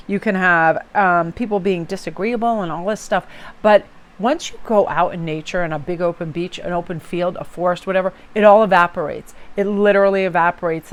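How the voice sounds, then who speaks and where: A woman hosting a tarot positivity channel, talking in a chatty, upbeat way with quick laughs and asides. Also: lowish voice. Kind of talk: casual motivational vlog talk.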